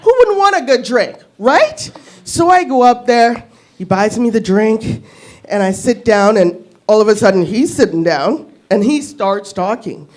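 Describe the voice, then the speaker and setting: A woman's voice: on the high side, lively intonation, measured pace, darkish tone. A woman in her fifties doing stand-up, telling a story in a brash, profane way and laughing at her own lines. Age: 50s. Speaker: stand-up comic. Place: comedy club stage.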